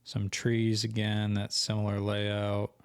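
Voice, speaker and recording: A young man walking through a screen-share tutorial, thinking aloud casually and correcting himself as he goes, his voice going hoarse. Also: fairly low pitch, monotone, slow, no room sound. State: losing his voice. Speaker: co-host of an online selling channel.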